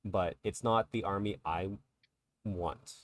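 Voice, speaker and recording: A man's voice: sits low, takes it slowly, crowd noise. A man co-hosting a podcast, talking casually and chattily about tabletop miniatures and laughing along with his co-host. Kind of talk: casual chat.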